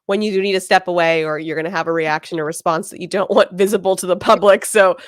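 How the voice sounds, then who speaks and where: A woman co-hosts a podcast, asking long, enthusiastic questions padded with fillers. Her voice sits fairly low for a woman. The sound is dry, with no room echo. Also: steady tone, quick pace. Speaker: podcast co-host. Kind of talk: casual interview chat.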